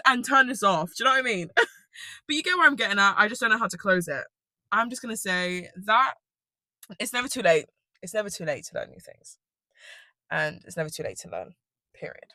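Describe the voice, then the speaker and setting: A woman's voice: medium pitch, lively intonation, a little fast, pushed and bright, no room sound. A woman ranting casually to camera, rambling and self-deprecating, swearing often and laughing at herself. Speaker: vlogger.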